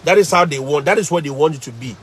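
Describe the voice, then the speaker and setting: A teacher with a Ghanaian English accent casually tells stories to live viewers, animated and emphatic, repeating phrases for effect. His voice is a little high and quick, with a breathy edge.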